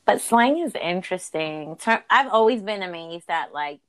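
A woman's voice: fairly low pitch, lively intonation, moderate pace. A young woman from New York with a New York accent, co-hosting a podcast in casual, slangy chat and laughing often. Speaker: podcast co-host.

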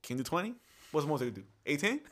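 A young man in casual chat, joking around and firing off quick questions. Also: on the high side, very animated, fairly bright tone.

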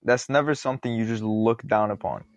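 A man's voice: fairly low pitch, brisk, dull audio, a little hiss or hum. A man in a casual podcast debate, pushing back with pointed questions. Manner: challenging, asks pointed questions. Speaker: podcast co-host.

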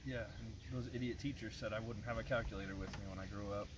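A man's voice: on the low side, fairly even intonation, fast talker, crowd noise, low-quality recording. A young man in casual chat with friends, complaining bluntly and swearing. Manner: blunt, foul-mouthed complaining.

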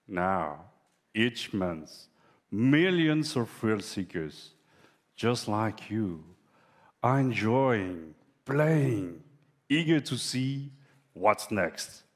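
A man with a French accent presents from a script at a game conference. He stretches each phrase and leaves long gaps between lines. His voice sits a little low. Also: very animated. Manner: slow, drawn-out delivery with long pauses. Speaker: game creative director.

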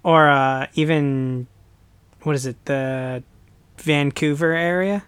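A young American man chatting casually on a podcast, animated and quick to slip into playful voices. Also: a little high, smooth, no echo. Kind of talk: casual chat.

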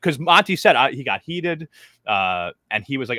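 A man's voice: medium pitch, big pitch swings, moderate pace, pushed and bright. A man co-hosting a podcast, chatting casually with lots of fillers and restarts. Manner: rambling, heavy on fillers and restarts. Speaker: podcast co-host. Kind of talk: casual recap chat.

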